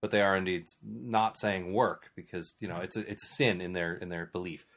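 A man with a fairly low voice hosts a casual podcast chat. He reads out listener questions and rambles through his answers, restarting sentences often. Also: steady tone, fairly quick, a bit bright. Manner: rambling, restarts often, chuckles between remarks.

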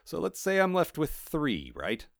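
A man's voice: on the high side, wildly swooping pitch, unhurried, vocal fry, no room sound, studio quality, voice pushed up, heavily acted. A man reading aloud and voicing a nervous, fawning male talking cat who keeps calling someone sir. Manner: anxious, eager to please, keeps saying sir.

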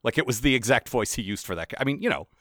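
A man co-hosting a podcast in casual chat, laughing often and slipping into quick character voices. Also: mid-range voice, dry recording, clean studio sound. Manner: chatty, laughs often, lively voice impressions. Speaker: podcast co-host.

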